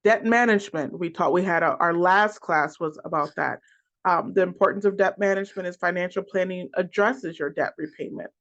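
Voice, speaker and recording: A financial coach giving a class lecture, working through a list of points in a halting way with restarts and repeated words. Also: medium pitch, fairly bright tone. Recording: dull lo-fi recording.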